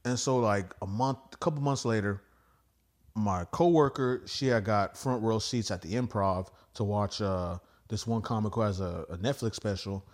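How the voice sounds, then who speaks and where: A man's voice: on the low side, moderate pace. Man telling profane, slangy comedy stories. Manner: profane and slangy, peppered with "bro" and "dude"; acts out what others said in lively quoted voices. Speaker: stand-up comedian guest. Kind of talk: casual storytelling.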